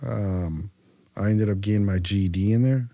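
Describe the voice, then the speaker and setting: A man's voice: fairly low pitch, normal speed, dry recording. A man from California's Central Valley, a podcast guest telling his story in a casual, slangy way, acting out the dialogue with plenty of fillers. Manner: animated storyteller who acts out dialogue, slangy, many fillers.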